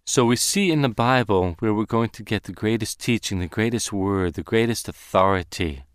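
Man, Bible teacher, emphatic, deliberate, clear resonant voice, dry close sound. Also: fairly low pitch, dry recording. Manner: deliberate, emphatic, slows to stress key words. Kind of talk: Hebrew Bible lesson.

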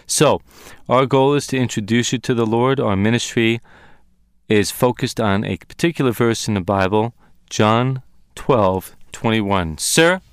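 A man's voice: lowish voice, a little slow, clean tone, no echo, studio quality. A man teaching from the Bible on a ministry broadcast, earnest and emphatic, repeating key verses.

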